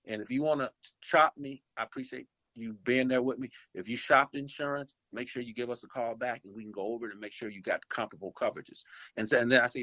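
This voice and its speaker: A middle-aged man who owns an insurance agency and invests gives rambling advice in a phone interview, repeating himself and restarting often as he acts out customer calls. His mid-range voice is fast and fairly bright with no room sound, carried over a dull, lo-fi phone line.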